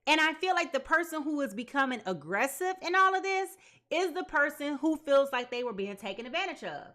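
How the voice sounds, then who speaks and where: Lively high-voiced woman reading tarot. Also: a little fast. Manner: animated, dramatic, talks straight to viewers. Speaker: tarot reader. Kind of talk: live tarot reading, casual chat.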